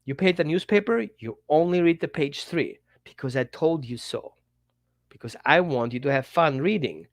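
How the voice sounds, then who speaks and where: A man with a fairly high voice teaches dog owners in an animated, direct way, talking straight to the viewer. His English has a slightly non-native turn of phrase, and he acts out little quotes as he goes. The sound is dry and close, with no room echo. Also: normal speed. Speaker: dog trainer. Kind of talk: direct-to-camera teaching talk.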